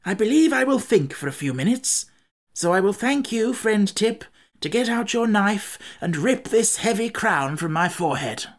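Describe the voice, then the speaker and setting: A woman voicing a calm, thoughtful male scarecrow who speaks in a measured way, in an audiobook reading. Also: mid-range voice, pitched above the performer's own voice, close to an everyday voice. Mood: decisive. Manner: measured, deliberate.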